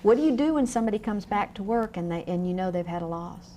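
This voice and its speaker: A woman lecturing a class on grief in a frank, lively way, often asking the room questions. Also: mid-range voice, fast talker, lo-fi sound, a little hiss or hum. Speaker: grief educator. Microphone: on camera, room mic.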